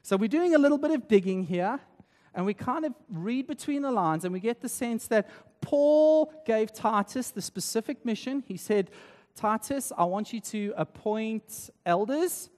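A man from South Africa preaches in a relaxed, chatty way, often checking in with the room. His voice sits high for a man. It rings with the long reverb of a large church hall. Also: normal speed. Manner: conversational, tag questions like "right?". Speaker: pastor. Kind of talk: sermon.

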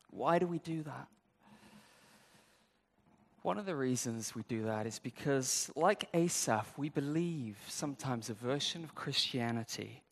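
Man, preacher, sermon, expressive pitch, humorous, direct to congregation. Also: in a large hall. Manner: animated, acts out people's inner voices with humor. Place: church sanctuary.

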